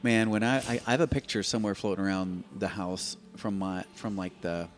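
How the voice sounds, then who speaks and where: A man in his fifties, a podcast guest, telling stories in an animated way, often repeating and restarting words. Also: fairly low pitch, a little fast. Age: 50s. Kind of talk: conversational storytelling. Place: open-air bike and coffee shop in a garage.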